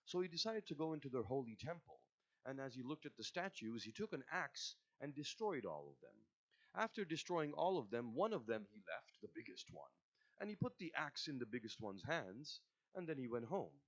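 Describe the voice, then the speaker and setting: Male majlis speaker, lively and expressive storyteller, muffled recording. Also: medium pitch, brisk. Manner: expressive, addresses listeners directly. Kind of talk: storytelling sermon. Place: religious centre.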